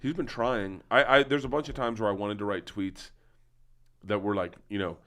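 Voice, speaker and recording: Guy comedian rambling through a story, lowish voice, keeps restarting. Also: fairly even intonation, normal speed, fairly bright tone. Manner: rambling storyteller, frequent restarts and acted-out quotes. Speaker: comedian guest. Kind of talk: casual chat.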